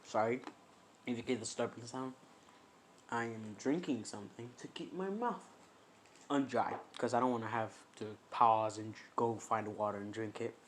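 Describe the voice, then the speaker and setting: A man's voice: mid-range voice, normal speed, slight background noise. A man improvising a fan story aloud, rambling with fillers and correcting himself as he goes.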